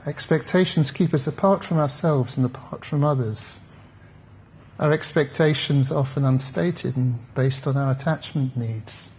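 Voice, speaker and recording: A man's voice: mid-range voice, a little mellow, breathy edge. A man, a therapist, giving a conference talk in a reflective, conversational way with wry asides to the audience. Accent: British English.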